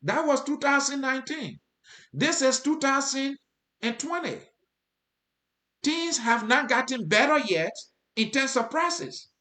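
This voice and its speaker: A man's voice: very high voice, animated, unhurried, bright, forceful tone. A man with a Liberian accent giving commentary to his viewers, earnest, repeating his points for emphasis. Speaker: host. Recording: roomy, echoey sound.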